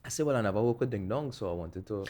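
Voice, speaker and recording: Young producer, low-pitched, easygoing, chatty podcast guest. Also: male voice, animated, very fast, mellow. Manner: laid-back storytelling, laughs often. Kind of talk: casual interview chat.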